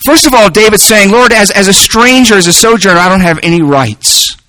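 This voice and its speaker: A male preacher with a high, bright voice delivers a sermon earnestly, circling back over his words as he builds each point. The sound is close and dry. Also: a little fast, no echo, rough recording.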